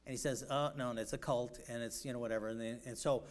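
A pastor with a mid-range voice and fairly even intonation preaches fast and ramblingly, with many fillers and restarts. He swings from loud, emphatic bursts to quiet storytelling.

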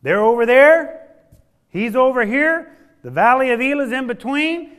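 A man preaching a sermon in a folksy way, dropping from loud emphatic lines to hushed, low ones and stretching key words for weight. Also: animated, a little slow.

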